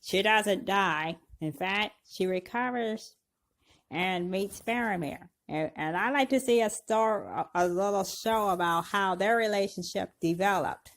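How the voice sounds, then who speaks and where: A woman's voice: medium pitch, a little slow. A woman co-hosting a casual fan chat show, talking in a chatty, giggly way that is full of laughs and restarts. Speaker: show co-host.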